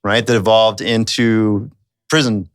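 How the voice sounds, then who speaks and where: A man's voice: fairly low pitch, steady tone, unhurried, no room sound, clean studio sound. A man who grew up in rural Texas, a podcast guest telling his story in a thoughtful, earnest way. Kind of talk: reflective conversational storytelling.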